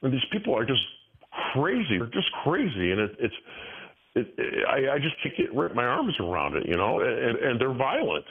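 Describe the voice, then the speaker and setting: A man's voice: medium pitch, huge pitch swings, normal speed, breathy edge. A man in his sixties, a guest talking in a rambling way, with many restarts and frequent chuckles. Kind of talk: casual interview talk. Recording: tinny phone line.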